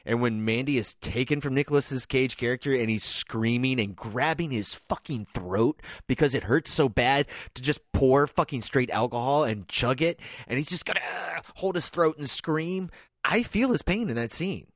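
A man's voice: medium pitch, normal speed, no room sound, studio quality. Emphatic, foul-mouthed man talking film. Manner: heavy swearing, emphatic and rambling. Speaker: podcast co-host. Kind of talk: casual film discussion.

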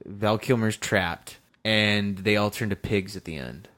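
A man hosting a film podcast in casual chat. He is animated and opinionated, and he swears freely. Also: lowish voice, a little slow. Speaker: podcast host and film editor.

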